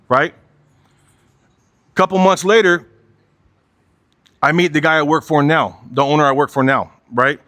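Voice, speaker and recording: A man's voice: on the high side, fairly even intonation, unhurried, long pauses, fairly bright tone, dry recording. A man in his forties giving a candid motivational talk, blunt and profane, driving his points home with repetition and a habitual "right?". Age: 40s. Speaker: motivational speaker.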